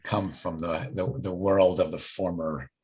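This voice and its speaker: A man's voice: low-pitched, fairly even intonation, unhurried, a little mellow. A man hosting a networking meeting on a video call, joking and fumbling his words. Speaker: meeting host. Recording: dull call audio with faint noise.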